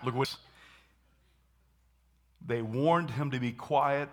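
A man preaching a sermon, animated, acting out scenes and shouting dramatically. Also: medium pitch, takes it slowly.

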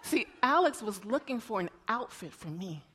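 A woman preacher giving an emotional sermon, telling stories and often repeating words as she swings between hushed and loud. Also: mid-range voice, very animated, normal speed, noisy background.

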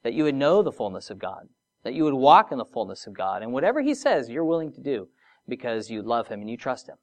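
With a sing-song, medium-pitched voice, a preacher gives a sermon that shifts between soft, lengthened phrases and emphatic rises. Casual asides and rhetorical questions come up throughout.

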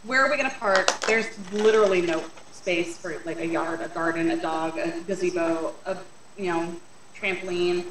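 A woman's voice: on the low side, normal speed, recorded from a distance, background noise. A woman co-hosting a casual chat, practical and listing things off. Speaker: co-host. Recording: roomy, a bit off-mic.

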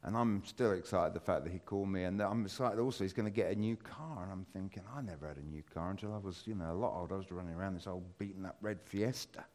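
A British man in his fifties tells a personal story during a church talk. His delivery rambles with frequent fillers and restarts, and his voice lifts with excitement. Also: low-pitched, quick pace, hardly any pauses. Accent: British English. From Britain. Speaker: church speaker.

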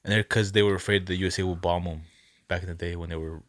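A man's voice: sits low, steady tone, quick pace, fairly bright tone, dry recording. A young man chatting casually on a podcast, slangy and laid-back, swearing freely. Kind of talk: casual chat.

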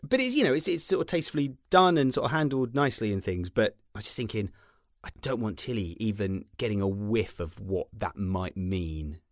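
A man's voice: on the low side, expressive, a little fast, no room sound, clean studio sound. A British man in his thirties co-hosting a casual podcast, chatting wryly and teasing his friend. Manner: wry, teasing, mock-pompous asides. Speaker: podcast co-host. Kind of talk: casual chat.

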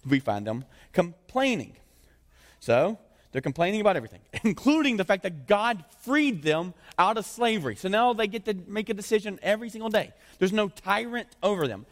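Joking pastor preaching in a big hall. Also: male voice, high-pitched, very animated, fairly quick. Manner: casual, joking, conversational preaching. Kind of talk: sermon. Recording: long reverb of a large hall.

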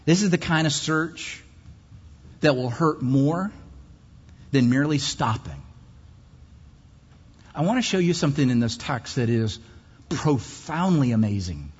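A man preaching a sermon in an emphatic way, his pitch swinging widely, with long pauses. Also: expressive, slightly rough. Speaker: pastor. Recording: muffled hall recording.

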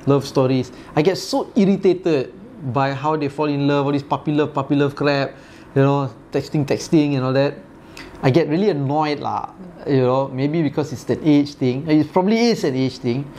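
A man's voice: on the high side, moderate pace, darkish tone, slight background noise. Rambling Malaysian man in his forties. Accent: Malaysian English. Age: 40s. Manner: rambling, laughs often, trails off with fillers. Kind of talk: casual chat.

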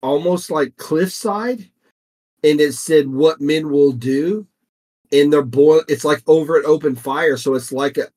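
A man's voice: fairly high pitch, a little slow, darkish tone. A man co-hosting a casual podcast chat, easygoing and rambling as he explains things. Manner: easygoing, rambling, restarts mid-thought. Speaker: podcast co-host.

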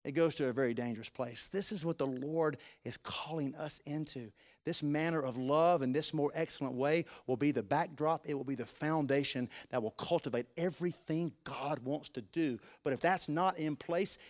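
A man preaching with a voice pitched a little above most men's. He swings from slow, drawn-out, rising emphasis down to hushed, low-spoken prayer. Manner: animated preaching, slowing to stretch key words and rising loud on emphasis; drops to a soft, low voice for prayer and asides. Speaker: pastor. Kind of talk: sermon.

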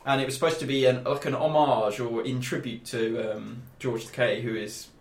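A man's voice: medium pitch, steady tone, moderate pace. A man co-hosting a casual podcast, rambling with lots of hesitations. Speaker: podcast co-host. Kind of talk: casual chat. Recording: echoey room.

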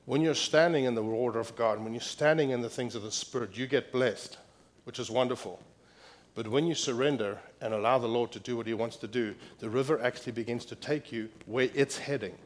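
Male pastor, mid-pitched voice, emphatic preacher who hammers repeated phrases. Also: brisk. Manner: emphatic preaching, repeating key phrases, grows loud reading scripture. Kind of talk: sermon. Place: church.

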